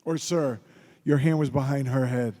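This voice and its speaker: Man from philadelphia, mellow voice, rambling jokey stories, long hall reverb. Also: medium pitch, steady tone, normal speed. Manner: rambling, joking anecdotes with laughs. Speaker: convention guest actor. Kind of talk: convention panel Q&A storytelling. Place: convention panel room.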